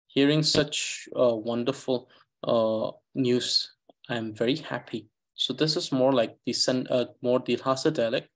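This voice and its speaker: Halting man teaching an online language class. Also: mid-range voice, steady tone. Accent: Eastern Tibetan. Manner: halting, many fillers, thinks aloud while explaining. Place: online class, video call.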